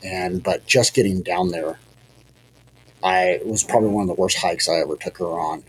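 A man's voice: low-pitched, normal speed, slight background noise, poor audio. A man casually telling a hunting story on a podcast, rambling and self-deprecating, with many fillers and restarts.

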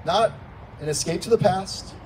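A male pastor preaching a sermon in a church, animated and climbing into shouts when he voices a plea. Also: high-pitched, normal speed. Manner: animated, rising to shouts when quoting pleas. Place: church sanctuary. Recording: distant mic with faint room noise.

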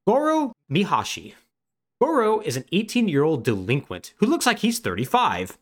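A man co-hosting a podcast, retelling a game's story in animated, casual chat full of "like". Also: sits high, moderate pace. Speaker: podcast co-host.

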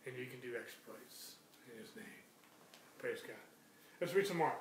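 A man in a middle-pitched voice preaches with emphasis, driving home his points by repeating them. He is recorded from a distance in an echoey room with a faint hum behind him. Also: animated, moderate pace. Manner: emphatic, repeats key phrases. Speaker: Bible teacher.

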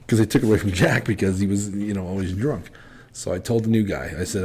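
A man's voice: lowish voice, fast, a little mellow, a little hiss or hum. A man hosting a podcast, telling bar stories casually, laughing often and swearing freely. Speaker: podcast host. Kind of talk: casual storytelling.

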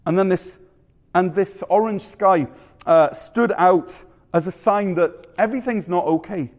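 A male pastor from Canada preaching a sermon in a church, with measured delivery and rhetorical questions. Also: high-pitched, darkish tone. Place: church sanctuary.

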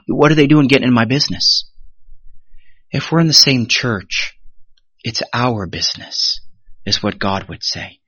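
A man preaching a sermon as pastor, animated, rising sharply then dropping to a hush, and briefly acting out the voices of the people he quotes. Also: mid-range voice, no room sound, lo-fi sound. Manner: animated preaching with sudden rises and hushed drops; acts out quoted voices of the congregation.

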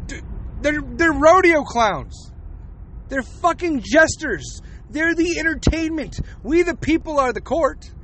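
A man's voice: very high-pitched, animated, slow, fairly bright tone. A man in his forties hosting a podcast, ranting bluntly with plenty of swearing. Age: 40s. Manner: profane, blunt, heated. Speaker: podcast host. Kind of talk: opinionated podcast rant.

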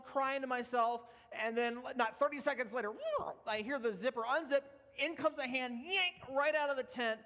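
A young man with a very high, bright, pushed voice preaches a sermon built around his own testimony, speaking earnestly and sometimes laughing at himself. The long reverb of a large hall surrounds him.

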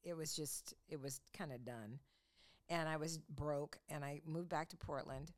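Middle-aged woman co-host, low-pitched, rambling chatty storyteller who pokes fun at herself. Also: measured pace. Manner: chatty storyteller, self-mocking, laughs often. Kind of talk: casual chat.

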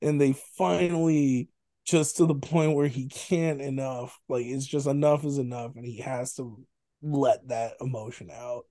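A man with a mellow, warm voice chats casually on a podcast, retelling a film's big scenes with animated energy and the odd laugh. The sound is dry and close. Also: mid-range voice, a little slow, dry recording. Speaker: podcast co-host. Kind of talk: casual film review chat.

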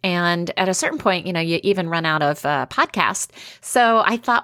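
Middle-aged woman co-host, lowish voice, dry close mic, chatty anecdotal delivery. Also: normal speed, hardly any pauses, clear, resonant tone, no room sound. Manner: chatty, animated storytelling with frequent fillers. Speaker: podcast co-host. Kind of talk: casual chat.

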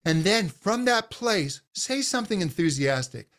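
Male voice coach guest, patient and explanatory, fairly high pitch. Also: sing-song, a little slow, fairly bright tone. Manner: patient, explanatory, demonstrates vocal exercises. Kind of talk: podcast interview, explaining and demonstrating.

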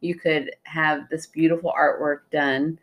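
A woman's voice: low-pitched, little pitch movement, unhurried, fairly bright tone. A woman co-hosting a podcast, chatting playfully with her sister, laughing and agreeing often. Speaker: podcast co-host. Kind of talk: casual chat.

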